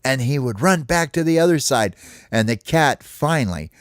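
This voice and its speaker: Man, father, bedtime story, playful, lively swooping voice, dry close sound. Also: mid-range voice, normal speed, no room sound.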